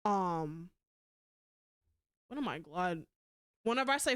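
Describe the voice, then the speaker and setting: A woman's voice: on the low side, expressive, slow, a bit bright, clean tone. A young adult woman streamer in casual chat, blunt and rambling, cussing freely. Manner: blunt and heavy on profanity; rambling with frequent restarts.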